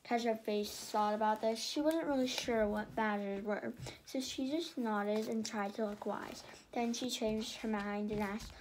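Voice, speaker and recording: A woman reading a children's storybook aloud in a lively way, often stumbling and restarting. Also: fairly high pitch, measured pace, a little hiss or hum. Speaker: reader.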